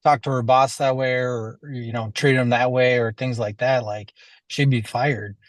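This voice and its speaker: A man's voice: medium pitch, fairly even intonation, normal speed, dry recording. A man being coached in a casual chat, hesitant, often restarting his sentences. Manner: hesitant, many fillers and restarts.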